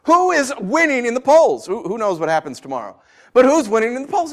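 A man preaching a sermon, asking rhetorical questions and swinging from quiet asides to loud declarations. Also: extremely high pitch, very animated, fairly quick.

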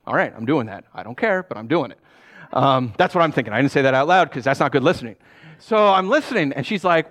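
A man's voice: medium pitch, fairly quick. A male pastor preaching a storytelling sermon, acting out dialogue and asking the audience "right?" as he goes. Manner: animated, acts out dialogue in his stories; conversational, asks the audience "right?".

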